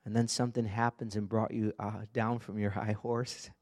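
A man's voice: lowish voice, little pitch movement, normal speed, darkish tone. A man preaching an earnest, conversational sermon, often asking the congregation direct questions. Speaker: pastor.

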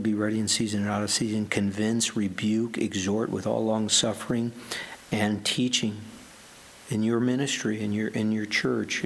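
A man preaching a sermon as pastor, earnest and emphatic, slowing down to stress the scripture he quotes. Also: on the low side, a little hiss or hum.

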